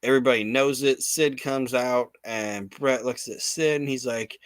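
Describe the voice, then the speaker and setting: Profane, animated man recapping stories. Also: medium pitch, normal speed, no room sound. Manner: profane, animated storytelling with quoted voices. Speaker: podcast co-host. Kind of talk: casual chat recapping wrestling.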